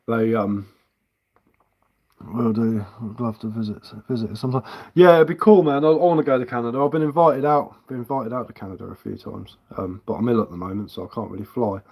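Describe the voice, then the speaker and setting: A man's voice: medium pitch, a little mellow. A middle-aged man from England, chatting casually on a live stream, rambling, swearing freely and laughing often.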